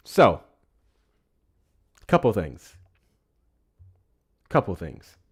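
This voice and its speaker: A low-pitched man holds forth as a livestream host. His delivery is lively and full of swings, and he slips into profane, heated ranting as he comments. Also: very slow, long pauses, slightly rough. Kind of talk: casual political commentary.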